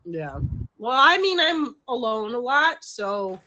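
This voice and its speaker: A woman's voice: a little high, very animated, slow, bright, forceful tone, muffled recording. A middle-aged woman hosting a livestream show, talking in a frank, rambling, casual way and laughing easily. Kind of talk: casual chat.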